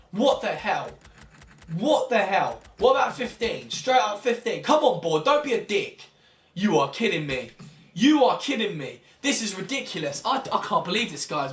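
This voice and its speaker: Young man, gaming commentary, exasperated, high-pitched, roomy distant sound. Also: fairly bright tone. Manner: exasperated, chatty, addresses viewers as guys. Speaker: gaming YouTuber. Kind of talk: gameplay commentary.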